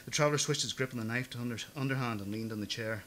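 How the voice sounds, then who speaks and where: A man narrating an audiobook in a measured, even storytelling manner. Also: medium pitch, slight background noise.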